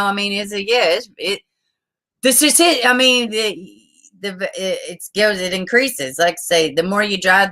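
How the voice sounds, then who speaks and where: A woman's voice: mid-range voice, bright, forceful tone. A woman hosting a casual livestream, chatting with viewers, swearing freely and greeting them with endearments. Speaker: livestream host. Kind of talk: casual livestream chat reading viewer comments.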